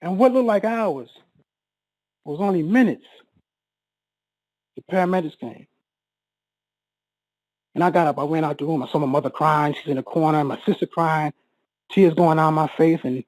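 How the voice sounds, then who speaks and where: A man telling an emotional personal story, halting and repeating words, his voice rising as he relives a moment of panic. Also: fairly high pitch, animated, darkish tone, no room sound, poor audio.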